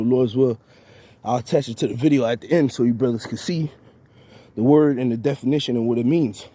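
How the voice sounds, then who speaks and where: A man preaching in a loose, rambling rant. His voice is mellow and somewhat husky, mid-pitched, with frequent restarts and repeated words. He keeps ending phrases with "man" and "all right". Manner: halting, repeats words, tags lines with "man". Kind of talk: informal spiritual rant.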